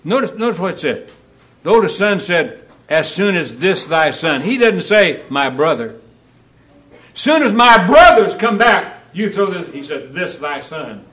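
A man preaching a sermon in a church, shifting between loud, emphatic Bible reading and quiet, direct questions to the congregation. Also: sits high, sing-song, a little slow.

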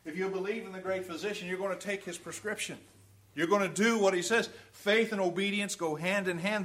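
A man preaching a sermon, emphatic, asking the congregation rhetorical questions and moving between loud stress and quiet asides. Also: high-pitched.

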